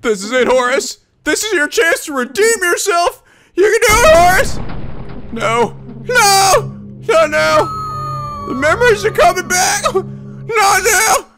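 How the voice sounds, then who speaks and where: A man doing a sobbing high-voiced young hero. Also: very animated, slow pace, over music, heavily acted. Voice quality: crying, high strained voice.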